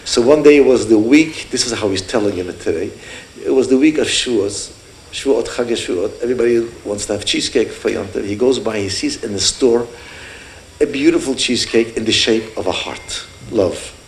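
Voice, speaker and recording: Guy in his 60s giving a heartfelt story speech at a fundraiser, mid pitch, roomy echo and a little hum. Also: moderate pace. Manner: earnest, heartfelt storyteller who voices the people in his stories. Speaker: speaker at a fundraiser. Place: event hall. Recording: echoey hall with faint room noise.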